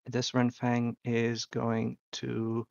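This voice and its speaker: Slow, gravelly tabletop game master. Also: mid-range voice, completely flat delivery, darkish tone, no echo, muffled recording. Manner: earnest, deliberate scene narration.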